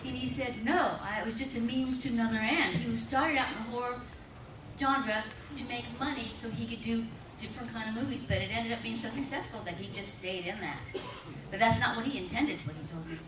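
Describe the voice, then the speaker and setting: Woman on a fan panel, fairly high voice, emphatic, far from the mic in a booming hall. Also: fairly quick. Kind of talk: panel recollection. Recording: echoey hall, distant mic, noisy ambience.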